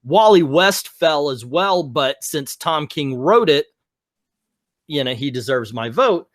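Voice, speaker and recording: A man's voice: a little high, animated, slow pace, no room sound. Casual male podcast host, dry close mic. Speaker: podcast host presenting awards. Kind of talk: casual group chat.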